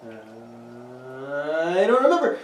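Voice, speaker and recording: Speaking slowly with a medium-pitched voice, this male podcast co-host trades lively, foul-mouthed banter and laughs often during a casual chat. It's recorded in an echoey room with a distant mic and light hiss.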